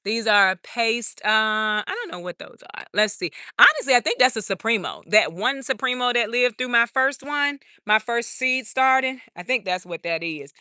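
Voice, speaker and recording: Chatty woman with a bright voice. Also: fairly high pitch, sing-song, moderate pace, few pauses, dry recording, clean studio sound. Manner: chatty, laughs often, talks to viewers as y'all. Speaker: garden channel host doing a live stream. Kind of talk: casual live-stream chat reading viewer comments. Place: outdoor urban garden.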